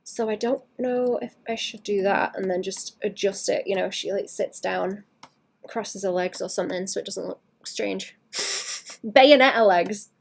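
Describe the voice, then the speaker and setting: Woman art streamer, mid-pitched, casual and rambling, often sinks into quiet murmurs. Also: measured pace, gravelly, husky. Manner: rambling, chatty, trails off mid-thought. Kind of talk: casual live-stream chat while drawing.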